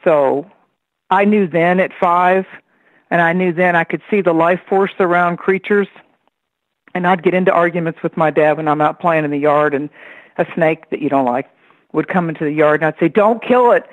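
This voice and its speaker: A woman's voice: fairly low pitch, normal speed, no echo. A woman from Tennessee, a psychic astrologer guesting on a radio show, telling stories from her childhood and acting out her relatives' voices. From Tennessee, USA. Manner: lively storyteller who acts out the voices of relatives. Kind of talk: personal storytelling on a call-in radio show. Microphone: telephone. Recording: dry, tinny phone line.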